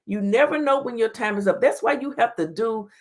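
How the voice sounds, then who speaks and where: A woman's voice: on the high side, brisk. A woman hosting a casual livestream talk show, chatting and greeting viewers by name.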